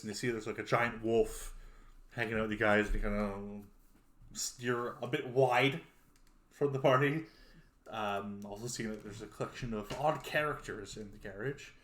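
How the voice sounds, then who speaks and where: A man's voice: lowish voice, a bit bright. A man narrating as game master, with lots of likes and ums as he describes the scene. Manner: loose, filler-heavy narration. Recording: roomy echo.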